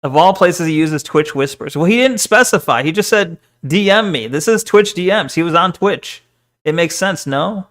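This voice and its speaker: A young man streaming as a VTuber reads his chat and talks casually with viewers in a slightly high, expressive voice with a fairly bright tone and moderate pace. His humor is jokey and self-deprecating, with plenty of swearing and laughter.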